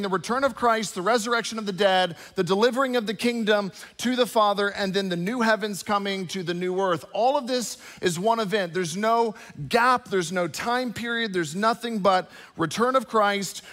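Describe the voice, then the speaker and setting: A man in his thirties preaching a sermon to a congregation, talking casually and telling animated stories with frequent asides to the listeners. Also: sits high. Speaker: pastor. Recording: long hall reverb.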